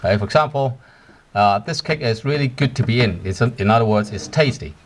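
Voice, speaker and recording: A man teaching words in English, explaining step by step, slowing down on each word and asking "right?" to check the listener is following. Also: medium pitch. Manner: slows to spell out Cantonese words. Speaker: Cantonese teacher. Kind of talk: language lesson.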